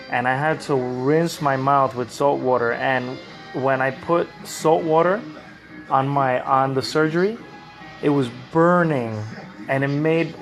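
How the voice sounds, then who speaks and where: A man on a live stream, rambling and halting, in pain after oral surgery with a swollen cheek, talking from bed into a phone. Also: mid-range voice. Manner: rambling, halting, repeats words. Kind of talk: casual live-stream chat. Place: lying in bed at home. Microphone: phone camera.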